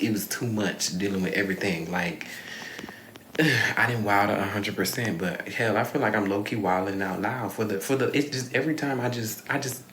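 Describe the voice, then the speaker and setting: A man's voice: fairly low pitch, a bit bright, slight background noise. A young man talking candidly in a rambling confessional vlog, swearing freely and sighing often. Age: young adult. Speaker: vlogger. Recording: echoey room.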